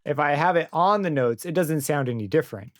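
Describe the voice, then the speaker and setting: A young man walking through a software synth plugin in a casual tutorial, thinking aloud and correcting himself as he goes. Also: on the high side, lively intonation, fairly quick, no echo. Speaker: plugin reviewer. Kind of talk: screen-recorded software tutorial. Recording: dry close mic with synth music under it.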